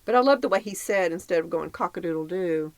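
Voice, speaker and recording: A woman's voice: fairly low pitch, fast talker, no echo. A woman co-hosting a podcast, recapping a dating show in casual chat, reading out her notes and laughing often. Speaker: podcast co-host.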